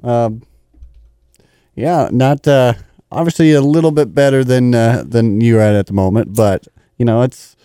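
A man's voice: mid-range voice, moderate pace, dark tone, clear, resonant tone, dry recording, clean studio sound. A man co-hosting a radio show, answering in an easygoing, hesitant way. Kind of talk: casual radio talk.

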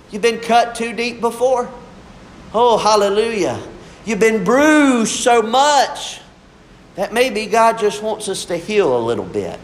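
Casting: young male preacher, high voice, fervent and unhurried delivery. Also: a little hiss or hum. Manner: fervent, drawn-out preaching with shifts between soft and emphatic. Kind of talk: sermon.

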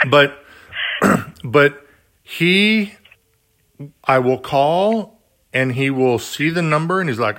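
A man's voice: a little high, animated, a little slow, pauses often, a bit bright. Chatty man hosting an interview. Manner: rambling, chatty, full of fillers. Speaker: interview host. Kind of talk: casual interview talk.

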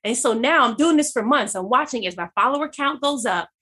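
Husky, animated woman sharing her testimony. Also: fairly high pitch, brisk. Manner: animated storyteller who acts out her own dialogue. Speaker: guest. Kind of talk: personal faith testimony in conversation.

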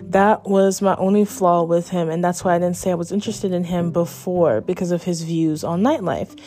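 A young woman in her twenties with a fairly low, mellow voice tells a personal story straight to camera. She sounds candid and chatty, leaning on "like" and dropping the occasional swear word, with soft music faintly underneath. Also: moderate pace. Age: 20s. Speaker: vlogger. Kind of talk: casual storytime.

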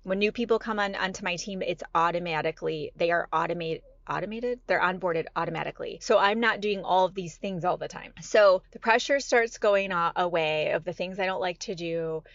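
A woman hosting a podcast, telling a story in a chatty, animated way with plenty of "like" and "right?". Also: on the low side, fairly quick, few pauses, no echo, muffled recording. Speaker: podcast host. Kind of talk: casual monologue.

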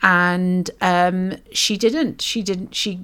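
Reflective Welsh woman, lowish voice. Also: fairly even intonation, very slow, a bit bright, smooth. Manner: reflective, teaching tone, frequent ums and asides. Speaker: podcast co-host. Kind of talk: faith podcast conversation.

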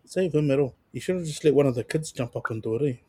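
A man with a New Zealand accent, co-hosting a podcast and telling funny stories in a relaxed, slangy way. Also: mid-range voice, quick pace, slightly rough, no echo. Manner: laid-back storytelling with slang and chuckles. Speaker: podcast co-host. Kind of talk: casual chat.

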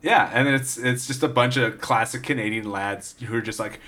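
Bright-voiced, animated storytelling man. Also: medium pitch, moderate pace, hardly any pauses. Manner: animated storyteller, swearing, acting out quotes. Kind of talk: casual chat.

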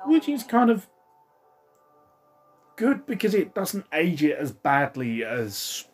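A man's voice: a little high, wildly swooping pitch, takes it slowly, breathy edge, faint music behind. A man, rambling and swearing casually as he comments on a film he is watching. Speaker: film reviewer.

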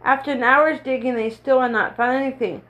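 A woman with a fairly high voice reads a children's story aloud at an even storytelling pace. She lifts her voice slightly for the children's lines but stays herself throughout. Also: fairly quick, dull audio. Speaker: storybook reader.

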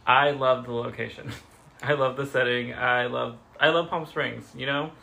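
A man co-hosting a podcast in a casual chat, pausing often on fillers such as um, like and you know. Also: medium pitch, steady tone, creaky, sharp tone. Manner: hesitant, lots of fillers. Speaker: podcast co-host.

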